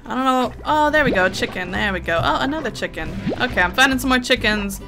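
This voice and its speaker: Woman let's player, higher voice, loud cursing and scolding commentary over game music. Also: quick pace. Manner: excitable, heavily profane, scolding game creatures. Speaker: let's play gamer. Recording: game music playing underneath.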